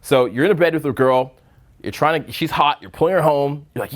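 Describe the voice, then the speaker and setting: Talking fairly quickly in a voice on the high side, a dating coach addresses a live seminar room. He jokes, swears bluntly, and drops into mocking voices to drive his points home.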